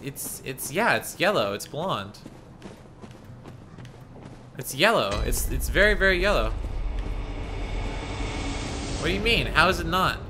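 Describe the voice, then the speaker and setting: A man's voice: mid-range voice, sharp tone, slight background noise. A man streaming a game live, casually chatting and teasing his chat. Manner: playful, teasing, reads chat aloud.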